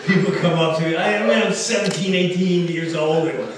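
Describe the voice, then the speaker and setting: Male stand-up comic telling a story live, boomy echoey venue heard from a distance. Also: brisk, noisy background. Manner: animated, laughing as he tells it. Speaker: stand-up comedian. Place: live concert venue stage.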